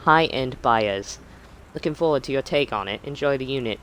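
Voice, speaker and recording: A streamer doing a brisk editor in an odd mixed accent. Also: medium pitch, lively intonation, fairly bright tone, slight background noise, pitched above the performer's own voice, close to an everyday voice, poor audio. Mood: businesslike. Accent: unplaceable mixed put-on accent. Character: businesslike male magazine editor.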